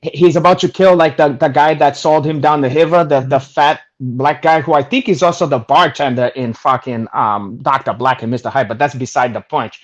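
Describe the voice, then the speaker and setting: A man in casual chat about movies, excitable and profane, stumbling and restarting his sentences. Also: medium pitch, a little fast, hardly any pauses, highs cut off. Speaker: guest.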